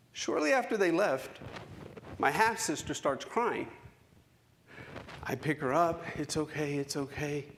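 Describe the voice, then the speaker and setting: Man, keynote speaker, dramatic pauses, slightly high voice, faint background noise. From United States. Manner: dramatic pauses, emphatic storytelling. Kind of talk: storytelling keynote speech. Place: conference hall stage.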